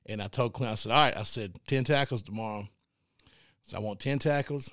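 Telling lively stories with frequent laughs and restarted sentences, an Arkansas man who coaches youth football co-hosts a casual sports podcast. His voice is fairly low and a little fast, with clean studio sound and no room sound.

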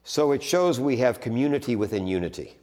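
A man giving a conversational theology lecture, restarting phrases and stressing points with sudden animated rises. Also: medium pitch, fairly quick. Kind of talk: teaching talk on theology. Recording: long hall reverb.

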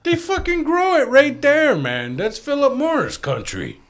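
A man with a high voice hosts a casual podcast chat. He teases his guest constantly and swears often. His pitch swings widely as he jokes. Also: sing-song, unhurried, a bit bright. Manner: teasing, joking, swears a lot. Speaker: podcast host.

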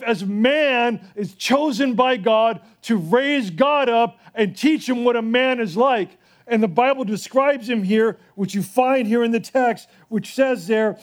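A pastor preaching a sermon in a conversational, animated storytelling manner with asides to the congregation. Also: male voice, high-pitched.

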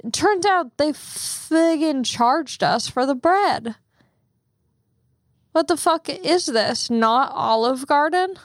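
A woman's voice: high-pitched, animated, slow, no room sound, studio quality. A young woman hosting a podcast, telling stories in a casual, chatty way and swearing freely. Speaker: podcast host. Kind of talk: casual chat.

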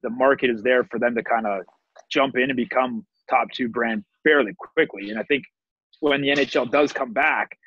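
A man's voice: mid-range voice, steady tone, normal speed, husky. Easygoing man hosting, slightly lo-fi. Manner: easygoing, joking moderator. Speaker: podcast host reading viewer questions. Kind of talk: casual podcast chat. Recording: dull lo-fi dry sound.

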